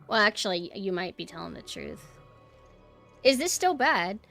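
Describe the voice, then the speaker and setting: A woman streaming a game and chatting casually with her viewers, swinging between quiet murmurs and loud exclamations. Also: mid-range voice, big pitch swings, moderate pace, gravelly, faint music behind. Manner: chatty, talks to chat directly. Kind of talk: casual gameplay livestream chat.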